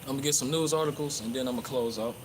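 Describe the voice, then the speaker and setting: A man's voice: mid-range voice, very fast. A man preaching casually while walking through a park by a pond, rambling and profane, with many fillers and restarts. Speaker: religious livestreamer. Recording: clear outdoor background noise.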